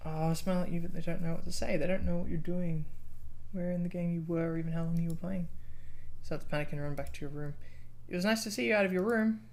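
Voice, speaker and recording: A streamer playing a narrative game live, reading the game's text aloud in a low, subdued tone, then breaking into loud, swearing reactions and pleading with the game. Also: steady tone, fast talker.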